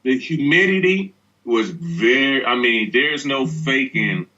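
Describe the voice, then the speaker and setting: A man's voice: mid-range voice, expressive, slow pace, sharp tone. A male actor as an interview guest, telling anecdotes in a laid-back way and laughing often. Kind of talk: relaxed interview storytelling. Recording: dull lo-fi sound.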